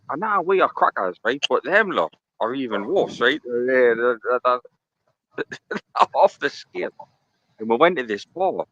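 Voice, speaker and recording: A man calling in on a video call, telling a lively anecdote and laughing through it. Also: mid-range voice. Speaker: caller. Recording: muffled remote call audio.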